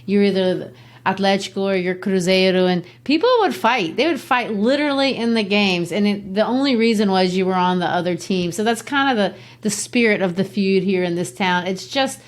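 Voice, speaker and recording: A woman's voice: mid-range voice, brisk. A woman from Brazil, hosting a podcast and explaining a classic play in a chatty way with asides. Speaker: literature teacher and podcast host. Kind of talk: conversational literature lesson.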